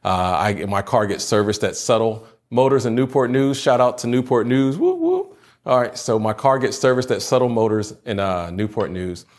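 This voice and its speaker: A man's voice: on the low side, fairly even intonation, normal speed, few pauses. A young adult man, a pastor, giving a chatty, humorous sermon to students by video. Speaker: youth pastor.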